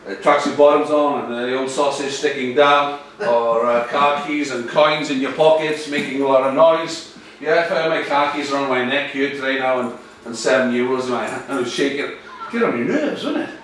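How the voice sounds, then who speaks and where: Male coach giving an animated workshop talk, distant mic, echoey room with faint noise. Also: medium pitch, moderate pace, hardly any pauses. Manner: lively, animated, addresses audience directly.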